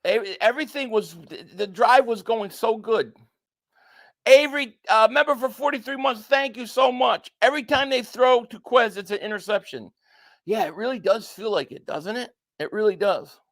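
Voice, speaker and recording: A man streaming a live reaction to a football game, calling the plays and reading viewer chats aloud. He talks excitably, repeats himself when worked up, and swings from shouting at calls to flat frustration. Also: very high voice, normal speed.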